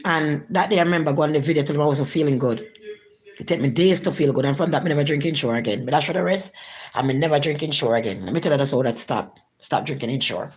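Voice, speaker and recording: A woman recounts events in a casual vlog, her everyday voice sitting low. She slips into higher, animated voices whenever she quotes someone. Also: fast, breathy edge.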